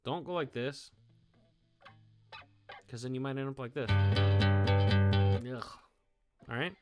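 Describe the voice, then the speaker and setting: A man's voice: mid-range voice, moderate pace. A male music teacher giving a guitar lesson to his students. He keeps asking "okay?" and "all right?" and cheers them on. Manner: encouraging, checks in with "okay?" and "all right?" often. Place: indoors, playing guitar.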